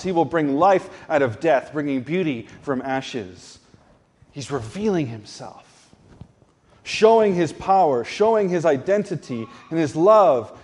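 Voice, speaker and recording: A man preaching a sermon as pastor, slow and deliberate, leaning on emphatic repetition. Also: a little high, big-room sound.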